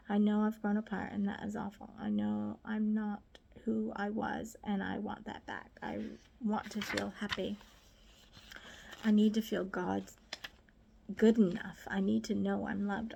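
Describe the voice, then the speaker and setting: A woman reading her own diary aloud, soft and often half-whispered, halting and grieving. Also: mid-range voice, gravelly. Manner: halting, with restarts. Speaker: diary reader.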